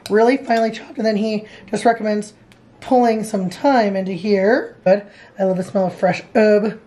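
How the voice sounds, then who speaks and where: A woman's voice: mid-range voice, moderate pace, mellow, low-quality recording. A woman hosting a casual cooking vlog in a home kitchen, bubbly and giggly. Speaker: vlog host.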